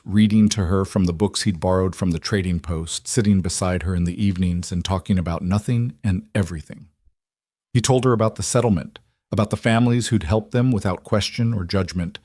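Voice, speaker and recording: A man reading a story aloud in a steady, measured way. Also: fairly low pitch, no room sound, studio quality. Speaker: narrator. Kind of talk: scripted narration.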